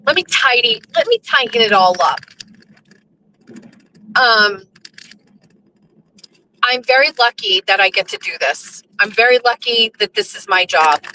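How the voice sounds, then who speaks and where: A woman in her fifties chatting casually from a moving vehicle, excitable and laughing, swearing freely. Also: a little high, unhurried, long pauses, slight background noise, rough recording. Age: 50s. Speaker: vlogger. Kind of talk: casual chat. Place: riding in a vehicle.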